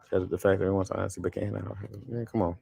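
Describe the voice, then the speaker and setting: A man's voice: deep voice, rapid-fire, gravelly, slightly rough, no room sound. A man hosting a casual livestream chat, telling stories bluntly and laughing often. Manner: blunt, laughing, animated storytelling. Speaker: livestream host. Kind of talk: casual chat, reading viewer comments.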